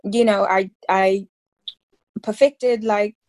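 A woman's voice: medium pitch, steady tone, slow, darkish tone. Chatty woman actress full of fillers. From South Africa. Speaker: actress guest. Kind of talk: casual interview chat.

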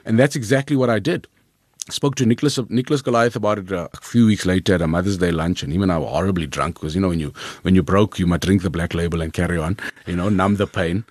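Man, South African accent, comedian guest, lively rambling storyteller, deep-ish voice, dead dry room. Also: fast talker, no room sound. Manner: lively, rambling, repeats words when restarting. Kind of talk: storytelling interview answers.

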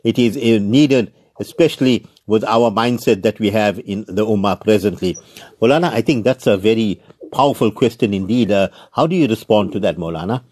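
A man's voice: lowish voice, darkish tone. Polite male talk show host. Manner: polite, measured, frequent "uh" fillers. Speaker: show host reading viewer questions. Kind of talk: reading out a question on a talk show.

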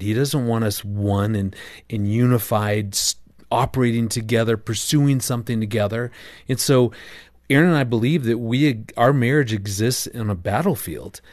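Man, middle-aged, earnest, animated storytelling, interview guest, dry recording. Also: medium pitch, moderate pace, dry recording. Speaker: guest, marriage author.

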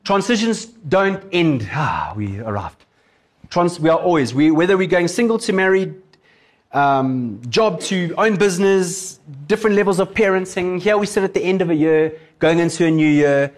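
A man preaching a sermon as a pastor, telling a story in a casual, animated way. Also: high-pitched, moderate pace.

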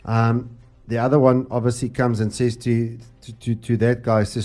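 A man's voice: mid-range voice, level tone, moderate pace, dark tone, soft background music. A man hosting a Christian talk show, preaching earnestly about the cross with frequent restarts. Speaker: host.

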